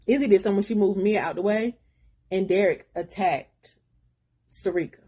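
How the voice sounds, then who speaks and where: A woman's voice: mid-range voice, normal speed, warm tone, husky. A woman casually retelling a book's plot in a rambling, slangy way, with asides to her viewers. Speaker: book reviewer. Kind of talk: casual book recap.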